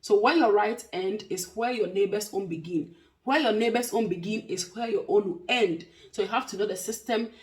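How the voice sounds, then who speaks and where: Woman, 30s, casual to-camera vlogger, mid pitch, emphatic and repetitive delivery. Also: normal speed. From Africa. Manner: emphatic, repeats points for stress. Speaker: vlogger and care worker.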